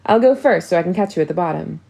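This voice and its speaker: A woman's voice: fairly low pitch, lively intonation, quick pace, vocal fry, warm tone. A woman reading an audiobook, voicing a cheerful, playful young prince.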